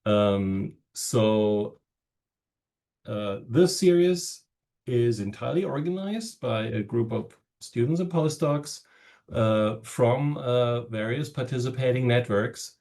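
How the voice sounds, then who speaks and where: Over a video call, a German-accented man opens a seminar as director of a research network, speaking haltingly with many fillers and pauses. His voice is medium-pitched, animated, and somewhat dark in tone.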